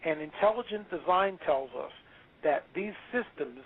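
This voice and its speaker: A male author talking as an interview guest, emphatic and preachy, quick to exclaim. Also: a little high, animated, a little hiss or hum. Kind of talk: animated interview talk. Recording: tinny phone-line audio.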